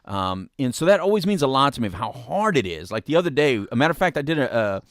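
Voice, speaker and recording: A male radio host in casual conversation, his pitch moving in a lively, animated way. He restarts and repeats words often. The sound is dry and close on a studio mic. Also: fast, no echo.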